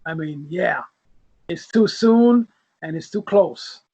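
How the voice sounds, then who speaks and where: A man's voice: a little high, lively intonation, slow pace, a little mellow, slightly rough. A man who is a guest on a casual comic book discussion, who laughs often and repeats words as he thinks. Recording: dull lo-fi audio.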